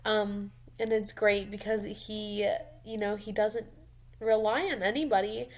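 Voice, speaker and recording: Slow-talking emotional young mom. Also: female voice, mid-range voice, fairly even intonation. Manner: emotional, rambling, many ums and soft laughs. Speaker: mom vlogger. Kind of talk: casual personal vlog.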